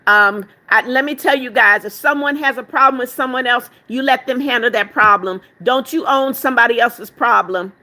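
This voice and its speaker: Bright-voiced woman hosting a live stream. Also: a little high, moderate pace, hardly any pauses. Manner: reads viewer comments aloud and greets each by name; calls viewers "darling", firm with spammers. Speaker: livestream host. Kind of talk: casual live-stream chat.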